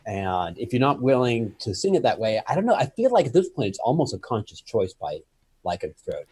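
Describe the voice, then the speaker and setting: A man with a husky, slightly breathy voice argues his point in a casual debate, his pitch swinging widely as he presses on. The sound is dry and close. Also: fairly quick, no echo. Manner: argumentative, animated, explains stresses with sweeping emphasis. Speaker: podcast co-host.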